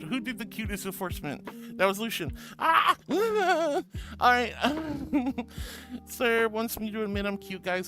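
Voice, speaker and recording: A woman's voice: mid-range voice, a bit bright. A woman streaming live, chatting casually with viewers in a bubbly, giggly way, calling them honey and sweetie.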